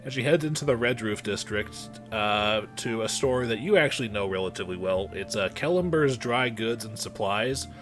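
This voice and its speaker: A man's voice: on the low side, normal speed, few pauses, a bit bright, soft background music. A man running a tabletop game as game master, narrating with stammering restarts.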